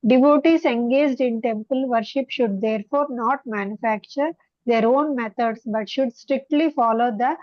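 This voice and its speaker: A woman reading a scriptural commentary aloud in a steady, careful manner during an online class. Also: on the high side, normal speed, dry recording. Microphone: video call. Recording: dry, dull video call audio.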